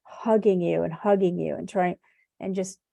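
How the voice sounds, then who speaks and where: A woman's voice: lowish voice, steady tone, normal speed, creaky, dark tone, dry recording. A woman giving an animal communication reading, rambling and hesitant with many restarts. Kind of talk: live online reading.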